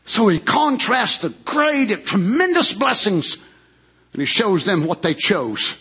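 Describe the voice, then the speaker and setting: A man preaching a sermon as pastor, who swings between shouted climaxes and low hushed asides and draws out emphatic words. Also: sing-song, unhurried, breathy edge.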